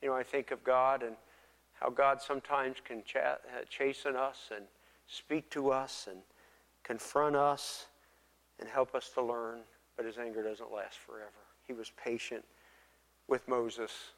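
A man preaching a sermon as a pastor, earnest and given to repeating words, sometimes dropping his voice very low. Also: flat delivery, a little slow, fairly bright tone. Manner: earnest, repeats words, drops to near whisper for quoted pleas. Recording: long reverb of a church hall.

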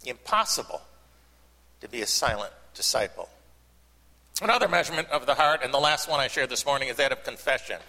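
A pastor giving a sermon, folksy and joking, with long pauses between phrases. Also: male voice, medium pitch, expressive, pushed and bright. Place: church sanctuary. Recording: church hall reverb.

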